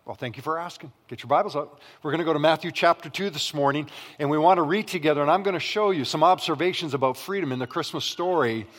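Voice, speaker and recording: A man's voice: fairly high pitch, fast talker, a bit bright. A Canadian man preaching a sermon as pastor, telling comic stories and acting out family voices. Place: church sanctuary. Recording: long reverb of a large hall.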